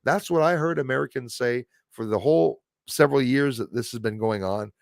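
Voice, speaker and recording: A man talks to his livestream viewers in a loose, rambling way, firing off restarts and tacking "eh?" onto his sentences. His voice sits at an ordinary middle pitch, and the recording is close and dry with no room sound. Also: fairly quick, gravelly, no room sound. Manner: rambling, animated, many restarts and tag "eh?". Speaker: livestream host. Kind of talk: rambling livestream chat reading viewer comments.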